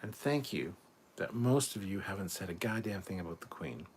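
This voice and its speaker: Speaking at a normal speed in a low, animated voice, this weary host streams late at night from a warm room in his home in Canada. He reads out viewer comments and responds bluntly, cursing freely, with slight background noise.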